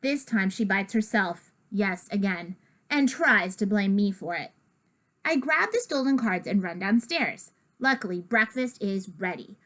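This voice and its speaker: A woman reading a children's picture book aloud, with lively, expressive delivery and asides to the listener. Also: medium pitch, a little slow. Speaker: storybook reader.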